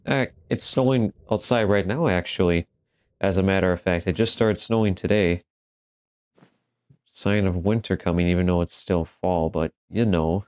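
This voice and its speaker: A man's voice: low voice, normal speed, a little mellow, dry recording. A man giving casual let's-play commentary, joking and exclaiming as he talks back to the game. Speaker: gaming commentator.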